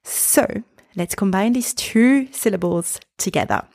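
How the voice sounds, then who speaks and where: A woman hosting a podcast lesson, slowly and carefully breaking words into sounds and repeating them for listeners to copy. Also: lowish voice, no echo, studio quality. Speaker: podcast host and pronunciation teacher.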